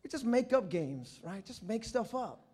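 Animated preacher man telling stories. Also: sits high, moderate pace, breathy edge. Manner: animated, acts out voices and shouts in stories. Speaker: pastor. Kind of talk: sermon with storytelling. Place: church.

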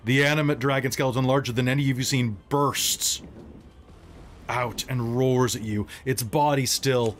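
A man's voice: mid-range voice, steady tone, normal speed, a little hiss or hum. A man running a live tabletop game as game master, narrating dramatically in short phrases.

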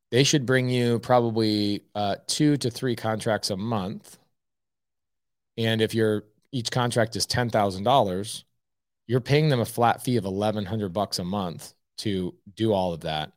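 A man's voice: on the low side, no echo, clean studio sound. A man hosting a live stream, giving blunt, emphatic coaching advice and saying "okay" often. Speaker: host.

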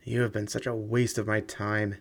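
A man's voice: fairly low pitch, little pitch movement, normal speed, creaky. A man voicing a young suitor who turns cold and contemptuous toward his fiancée in an audiobook reading. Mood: scornful.

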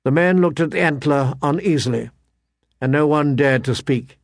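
A male audiobook narrator reading fantasy prose in a measured, expressive storytelling manner. His voice sits somewhat high for a man, and the recording is close and dry with no room sound. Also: no room sound.

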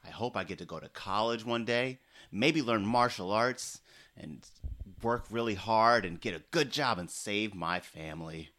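A man voicing an earnest young boy with big dreams, talking softly in a comedy sketch. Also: fairly low pitch, moderate pace, pitched below the performer's own voice. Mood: hopeful.

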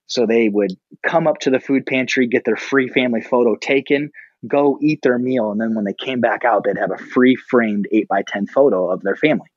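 A middle-aged man, a pastor, telling a personal story casually and animatedly, often jumping up in pitch for the voices he quotes. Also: normal speed, husky, no echo, lo-fi sound. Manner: animated, breaks into high-pitched quoted reactions.

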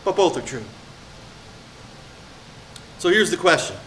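A male pastor delivers a sermon conversationally, moving between quiet personal stories and emphatic, rising exhortation. His voice is high-pitched and sing-song with an unhurried pace, and there's a slight hiss or hum.

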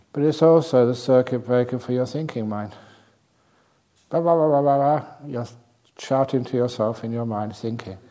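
Playful man teaching calm, slow then quick. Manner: playful, swings between slow soft and fast high speech to demonstrate; laughs at his own jokes. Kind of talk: spoken talk on calming the mind.

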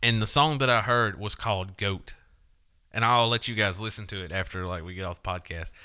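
A man's voice: fairly low pitch, a little fast, pushed and bright, clear, resonant tone. A young man co-hosting a podcast, talking bluntly and swearing a lot while telling stories with casual laughter. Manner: profane, blunt, laughing storyteller. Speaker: podcast co-host. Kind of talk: crude casual podcast banter.

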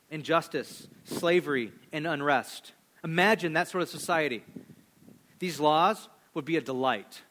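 A man in his thirties preaching a sermon, animated, swinging between loud emphasis and hushed, low asides. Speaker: pastor.

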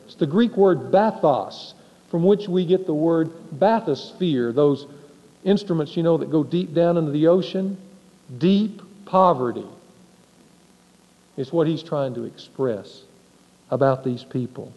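High-voiced man preaching in a reverberant hall. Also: dark tone, dull audio. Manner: emphatic preaching with rhetorical questions. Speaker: pastor. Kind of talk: sermon.

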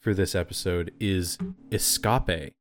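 Low-voiced man recapping with dry jokes. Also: takes it slowly, soft background music. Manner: joking recap with mock deadpan asides. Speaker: podcast co-host. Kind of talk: casual episode recap.

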